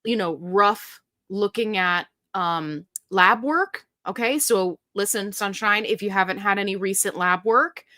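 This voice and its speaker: A woman's voice: medium pitch, unhurried, few pauses, pushed and bright, no echo, clean studio sound. Bubbly woman host chatting on a livestream. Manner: bubbly, chatty, greets viewers by name. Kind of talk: casual live-stream chat.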